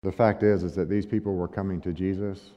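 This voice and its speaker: A man's voice: low-pitched, flat delivery, brisk, mellow. Male pastor, conversational sermon, long echo in a large hall, dull lo-fi sound. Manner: conversational preaching with rhetorical questions to the congregation.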